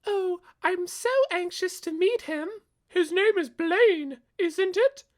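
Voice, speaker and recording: A flighty, gossipy village woman, as a man puts her on in a high, excitable falsetto. She sounds flustered and eager, her pitch sitting well above his own. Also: slow.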